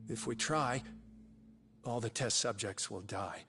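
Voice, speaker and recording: A man's voice: mid-range voice, unhurried, vocal fry, bright, forceful tone, husky, exaggerated voice. An actor playing a tense, guilt-ridden male scientist who talks in a hesitant, earnest way, in dubbed game dialogue. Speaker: research scientist. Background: dramatic game music.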